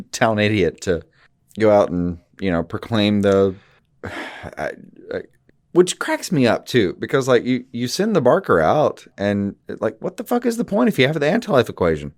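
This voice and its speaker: A man's voice: on the low side, moderate pace. A man co-hosting a podcast, joking and swearing freely in casual chat. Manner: animated, jokey, swears freely, acts out comic bits. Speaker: podcast co-host.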